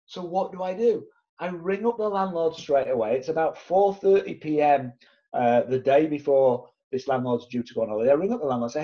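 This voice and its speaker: A man, telling an animated story to camera and acting out the other people's voices as he goes. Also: fairly high pitch, fairly quick, dull audio. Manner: lively, acts out the other voices in his tale. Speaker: property investor sharing his story.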